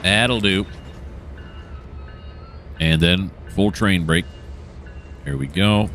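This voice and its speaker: Speaking extremely slowly in a low, slightly bright voice, a gameplay commentator chats through a train simulator session against slight background noise. He rambles along, cracking jokes and mocking himself.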